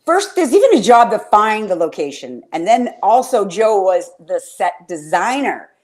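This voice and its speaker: A woman's voice: medium pitch, sing-song, normal speed, a little mellow. Rambling, profane woman hosting a fan chat. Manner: rambling, profane and enthusiastic, trailing off mid-sentence. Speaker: podcast host.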